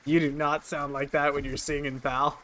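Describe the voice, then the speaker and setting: A young man streaming a video game, chatting casually in an excitable, profane way and laughing often. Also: on the high side, normal speed, a little hiss or hum. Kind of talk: casual gameplay chat.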